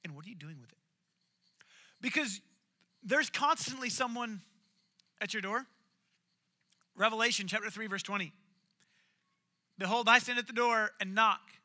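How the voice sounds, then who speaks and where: A man preaching a sermon, retelling a story in an animated, jokey way. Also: sits high, normal speed, pauses often.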